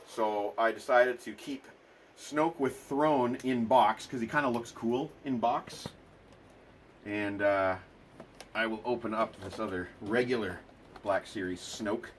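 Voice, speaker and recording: A man's voice: fairly low pitch, a bit bright, slight background noise. A man hosting a casual toy unboxing video, talking with dry, sarcastic remarks and lots of ums and uhs.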